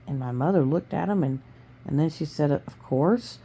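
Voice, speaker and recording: A woman reading a novel aloud to her family in plain, steady storytelling with small stumbles. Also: low-pitched, brisk, creaky, slightly rough. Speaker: family reader.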